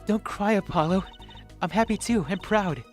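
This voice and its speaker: A man voicing a bubbly, cheerful teenage girl magician while reading game dialogue aloud, high and bouncy. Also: moderate pace, faint music behind, natural voice.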